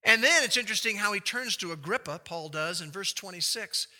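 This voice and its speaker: Bright-voiced male preacher asking rhetorical questions. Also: high voice, expressive, fairly quick. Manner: expository, with rhetorical questions to the audience; acts out quoted speech with big shifts in loudness. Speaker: pastor. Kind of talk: sermon.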